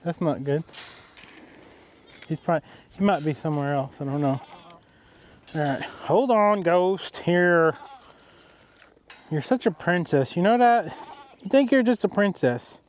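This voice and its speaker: A man's voice: on the high side, expressive, a little slow, long pauses, a little hiss or hum. A man, an easygoing farmer chatting outdoors on his farm and talking to his animals. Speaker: farmer, vlogger. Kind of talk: casual farm vlog.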